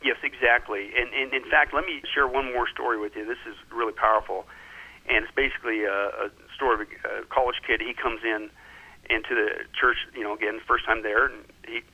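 A man's voice: medium pitch, steady tone, fast talker, pushed and bright, breathy edge, lo-fi sound. A man telling stories like a preacher, emphatic, often breaking in with "listen" and "right?" to hold attention. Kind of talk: animated preacher-style storytelling.

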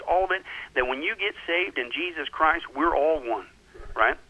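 A man preaches his stories in a hard, bright, cutting voice with a husky edge. He drives each point home, leans on the listener, and keeps checking that they are following. The sound is dull and lo-fi, like an old radio broadcast. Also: fairly high pitch. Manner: emphatic, keeps saying "listen" and "right?". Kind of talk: animated preacher-style storytelling.

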